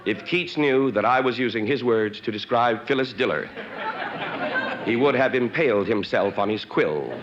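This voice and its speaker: A man's voice: mid-range voice, moderate pace, crowd noise, background noise. A man comedian acting out a one-sided phone call, stammering and growing more and more exasperated, then introducing the next guest as host. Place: live television stage before a studio audience. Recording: roomy 1960s TV broadcast, dull sound, loud audience laughter.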